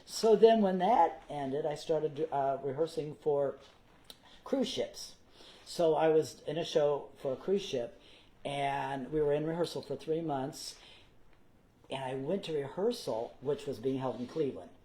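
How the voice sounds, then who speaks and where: A man, a guest performer, telling theater anecdotes in a casual interview, animated and theatrical. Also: a little high, unhurried, low-quality recording. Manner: animated, theatrical, slips into character voices.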